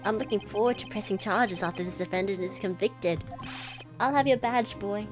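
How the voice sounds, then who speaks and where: A woman's voice: mid-range voice, over music, natural voice. A woman playing a smug, taunting police chief. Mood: mocking. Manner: condescending, mocking, slow and taunting. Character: smug scheming middle-aged male police chief. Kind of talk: game dialogue read aloud on stream.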